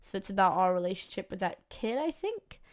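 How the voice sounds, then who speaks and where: A woman's voice: mid-range voice, very animated, fairly quick. A woman hosting a let's play, reading a visual novel aloud and breaking off for casual, sweary asides. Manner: casual, sweary asides between read lines.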